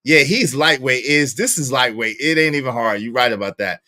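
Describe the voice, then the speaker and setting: A young man with a Brooklyn accent, giving slangy, animated live-stream commentary and laughing often. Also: medium pitch, normal speed, no room sound, clean studio sound. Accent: Brooklyn New York. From Brooklyn, New York. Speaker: streamer reacting to a show.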